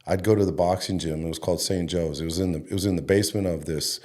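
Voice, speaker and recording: A man's voice: deep voice, fairly even intonation, fast talker, a little mellow. A middle-aged man from Denver, a head coach being interviewed, telling stories loosely and chattily with fillers and a bit of swearing. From Denver, Colorado, USA. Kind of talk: casual interview storytelling.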